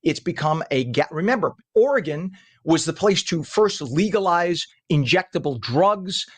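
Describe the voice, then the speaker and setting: A male morning show host giving opinionated news commentary, ranting with indignation and jumping up in pitch when heated. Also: animated, moderate pace, husky.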